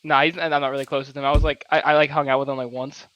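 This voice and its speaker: A man's voice: mid-range voice, level tone, rapid-fire, fairly bright tone, dry recording, dull audio. A young man co-hosting a podcast, telling a story in a casual chat and laughing often as he talks. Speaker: podcast co-host.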